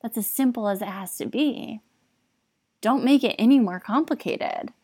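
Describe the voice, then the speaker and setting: A woman's voice: a little high, moderate pace, darkish tone, slightly rough, no echo, clean studio sound. A young woman hosting a podcast, speaking in a candid, confessional way with casual fillers. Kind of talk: personal reflective talk.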